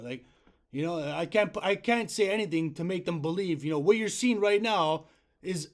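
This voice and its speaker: A man with a high-pitched voice makes an insistent complaint call to customer support. He sounds frustrated and keeps checking "right?" as he lays out his case. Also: brisk, darkish tone. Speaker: self-publishing author calling customer support.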